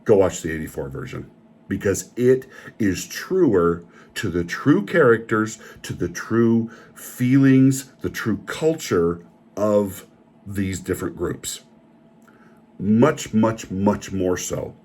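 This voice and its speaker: A man's voice: on the low side, animated, takes it slowly, a little mellow. A man delivering an opinionated, indignant rant as a film reviewer, often repeating himself.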